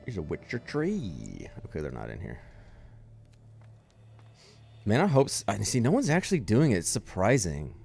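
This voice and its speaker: Deep-voiced man joking through a game. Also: huge pitch swings, normal speed, gravelly, long pauses, a little mellow. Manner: joking, rambling, swears. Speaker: streamer playing a game mod. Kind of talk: casual gaming commentary. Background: faint game music.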